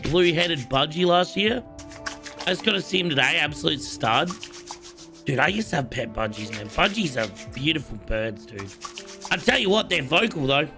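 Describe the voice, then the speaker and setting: A man's voice: fairly high pitch, very animated, normal speed, over music. A man with an Australian accent, casually commentating his game on a live stream and bantering cockily with chat. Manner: playful, cocky banter with chat.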